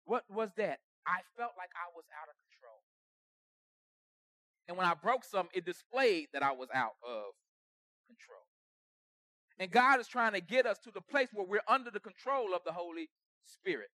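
A man preaching a conversational sermon with humor, acting out everyday quarrels and swinging from soft asides to shouts. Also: sits high, expressive, moderate pace, pauses often, no echo, studio quality.

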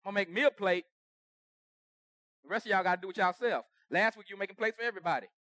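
A man preaching a conversational sermon with humor, acting out everyday quarrels and swinging from soft asides to shouts. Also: sits high, fast, no room sound, clean studio sound.

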